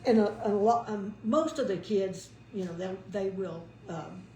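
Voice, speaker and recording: A woman speaking casually and hesitantly, with frequent pauses and restarts as she recounts a story. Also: medium pitch, warm tone, roomy sound, slight background noise, poor audio. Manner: hesitant, many fillers and restarts. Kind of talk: casual conversation.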